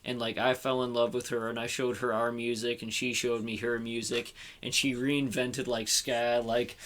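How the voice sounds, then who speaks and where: A man's voice: mid-range voice, little pitch movement, normal speed, fairly bright tone. A man co-hosting a casual podcast, rambling and swearing freely with lots of "like". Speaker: podcast co-host.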